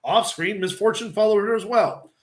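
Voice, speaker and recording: A man's voice: high-pitched, normal speed, roomy sound. A man hosting a casual podcast and reading a script aloud in a blunt, loose way. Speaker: podcast host.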